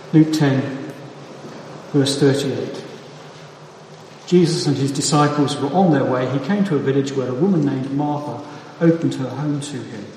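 A man preaching a sermon with a measured, deliberate delivery and emphatic pauses, heard in a church hall. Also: medium pitch, a little mellow, a little hiss or hum. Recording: echoey hall from far off.

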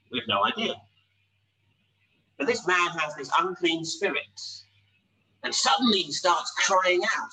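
Male preacher, bright, slightly high voice, chatty sermon full of rhetorical questions, mic set back with faint noise. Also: distant mic, low-quality recording. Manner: conversational, asks rhetorical questions; pausing, lively emphasis.

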